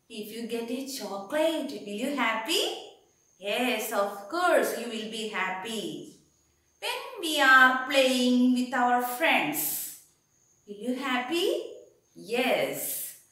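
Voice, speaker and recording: Echoey slow sing-song teacher woman. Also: high-pitched, pushed and bright, far from the mic. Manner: slow, sing-song, coaxing, repeats words. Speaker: kindergarten teacher. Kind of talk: slow recorded online lesson for small children. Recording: very echoey room, voice off-mic.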